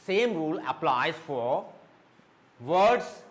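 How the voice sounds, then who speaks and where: A man teaching a spoken lesson, slowly repeating words and checking with "okay". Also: on the high side, sing-song. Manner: slow, repeats words and says okay often; mixes Hindi explanations into English. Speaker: English teacher.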